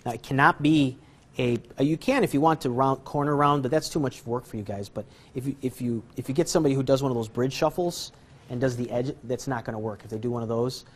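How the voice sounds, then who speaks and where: Speaking fast in a medium-pitched voice, a man teaches card magic in a casual demonstration. The instructor rambles, jokes at his own expense and chuckles often.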